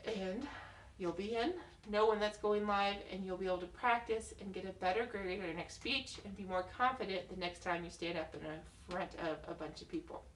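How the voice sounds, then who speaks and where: A woman's voice: mid-range voice, fairly bright tone, distant mic. A young woman tutoring on study skills in a casual, chatty way, often checking in with "okay?". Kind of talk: casual video tips. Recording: roomy echo, mic set back.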